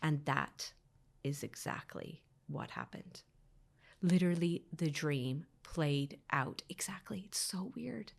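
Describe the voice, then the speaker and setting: Woman, podcast guest, low voice, recounting a loss with hushed, whispery stretches. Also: slow pace, gravelly. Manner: drops to a hushed whisper at painful moments; acts out others' words in quotes. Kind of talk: emotional personal storytelling.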